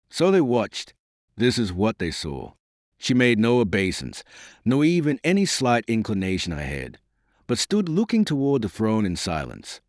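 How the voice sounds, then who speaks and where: Low-voiced expressive male narrator. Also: no room sound, studio quality. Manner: measured, expressive reading. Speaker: audiobook narrator. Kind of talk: storybook narration.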